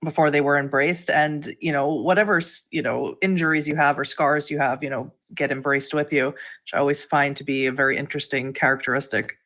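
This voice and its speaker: A woman co-hosting a gaming news show, presenting fan submissions in casual chat, easygoing and amused, with soft laughs. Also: low-pitched, steady tone, fairly quick.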